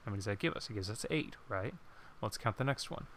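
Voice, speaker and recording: Guy with a gravelly voice walking thru a poem's structure, kinda off the cuff, stops to think, reads the lines out slow. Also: lowish voice, lively intonation, fairly bright tone, a little hiss or hum. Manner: unscripted, thinks aloud with pauses and apologies; reads verse lines slowly and deliberately. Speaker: poetry teacher. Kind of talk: informal recorded lesson.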